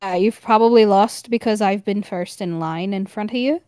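A woman's voice: mid-range voice, moderate pace, clear, resonant tone, dry recording, clean studio sound, lightly acted. A woman game master voicing a boastful male gambler who cheats at cards, in a cocky, playful way. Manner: cocky, playful, deadpan bluffing.

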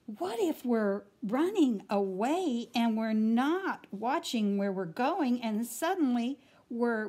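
A woman voicing a worried female wombat in a storybook read-aloud, wailing in high anxious cries. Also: darkish tone, breathy edge, heavily acted.

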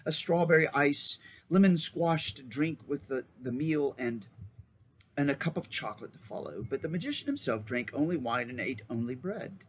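A man narrating a children's novel aloud, his voice rising and falling with expressive, animated pitch. He reads at an easy, middle pitch, with a faint hiss in the background. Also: moderate pace. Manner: lively, expressive storybook narration. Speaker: reader.

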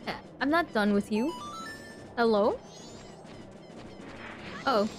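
A woman's voice: a little high, animated, slow pace, music in the background. A woman casually commenting on her own gameplay, chatting back at the characters on screen. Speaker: let's play host.

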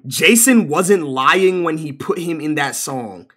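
Animated young-sounding male streamer. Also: fairly high pitch, takes it slowly. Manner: animated, exclaiming, profane, says bro constantly. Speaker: live streamer. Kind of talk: casual live-stream reaction commentary.

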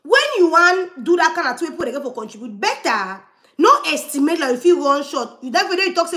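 A woman giving animated livestream commentary, laughing often and dropping into murmured asides. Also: very high-pitched, quick pace.

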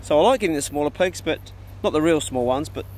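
A man's voice: fairly high pitch, quick pace. A middle-aged man with a New Zealand accent, a farmer and pig hunter who chats casually on his vlog and coaxes his dogs fondly outdoors on the farm. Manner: talks fondly and coaxingly to his dogs, relaxed and chatty. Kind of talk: casual vlog talk while tending dogs. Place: outdoors on a rural farm by the dog kennels.

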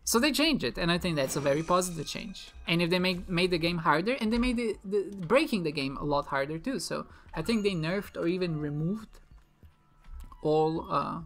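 Low, gravelly woman rambling through gameplay. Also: animated, moderate pace. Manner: chatty, rambling, giggly, self-deprecating. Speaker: gaming video creator. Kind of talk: casual let's-play commentary. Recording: faint music behind.

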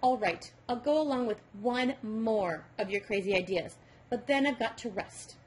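A woman's voice: on the high side, a little mellow, husky. A woman playing a grumpy tired boy. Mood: weary. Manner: slow, complaining. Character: tired, grumpy boy who hates math.

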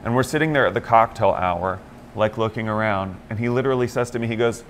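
A man's voice: fairly low pitch, fast, slight background noise. A man co-hosting a morning talk show in casual chat, telling stories and acting out the lines of people he quotes. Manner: animated storyteller, acts out quotes in other voices.

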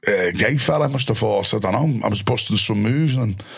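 A man's voice: fairly low pitch, fairly quick, creaky, breathy edge. A middle-aged man with a Liverpool accent telling a rowdy story as a podcast guest, swearing freely and acting out his mates' voices. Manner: animated, swears freely, acts out voices of friends. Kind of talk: storytelling in casual chat.

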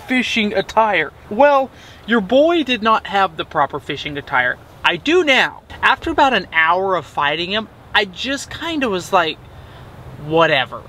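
A young man chatting casually while vlogging from a beach campsite, upbeat and quick to laugh. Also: high-pitched, a bit bright, a little hiss or hum. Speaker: outdoor adventure vlogger. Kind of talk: casual camp vlog narration.

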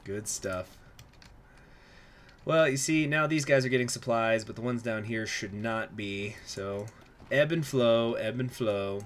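A man's voice: medium pitch, measured pace. A young man streaming a strategy game live, chatting in a rambling way and reacting aloud to what happens on screen.

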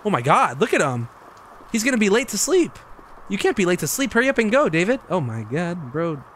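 A young man talks through a game in an excitable, joking way, tossing in swears as he goes. His voice sits a little high and swings all over the place. A faint hiss of noise sits behind him. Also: moderate pace. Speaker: streamer. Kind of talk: gameplay commentary.

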